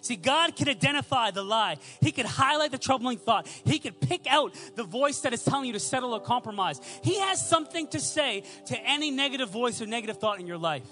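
A man's voice: very high-pitched, expressive, brisk, few pauses, pushed and bright, faint music behind. A young man preaching a sermon, telling stories and building points through emphatic repetition.

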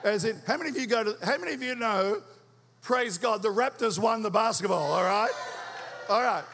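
A high-voiced Australian man preaching a sermon, quick and energetic as he rouses the congregation. His voice rings out with a long reverb from the church around him. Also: slight background noise. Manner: energetic, rousing call-and-response with the crowd; talks quickly. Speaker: visiting preacher.

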